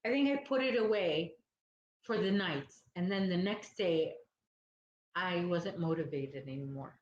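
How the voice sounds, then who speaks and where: A woman's voice: fairly low pitch, measured pace. A woman hosting a casual crochet livestream, chatting with viewers in a rambling, sleepy way and losing her train of thought. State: sleepy, yawning. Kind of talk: casual chat with live viewers. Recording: roomy, dull lo-fi sound with faint noise.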